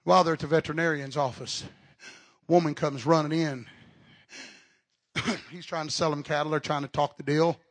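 A man preaching an impassioned revival sermon at a live church service. He builds to shouting and often stammers and repeats words. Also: fairly high pitch, steady tone, moderate pace, long pauses.

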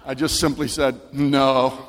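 A man with a high voice preaches a sermon to a camp meeting crowd. He starts with a relaxed story and climbs into shouted, fervent preaching. A long reverb from a large church hall trails behind his words. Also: normal speed, a little hiss or hum. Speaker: pastor.

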